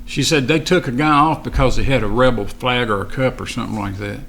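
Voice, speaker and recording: A man's voice: mid-range voice, fairly quick, gravelly, a bit bright, slight background noise. A man hosting his own live stream in a rambling, casual way, reading viewer comments aloud and getting fired up. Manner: rambling, reads viewer chat aloud, talks to someone off-mic; gets fired up and ranting.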